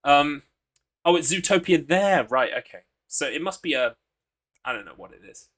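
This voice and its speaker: A man's voice: a little high, animated, moderate pace, fairly bright tone. A man streaming a horror game live, chatting casually in a rambling, crude, joking way with plenty of fillers.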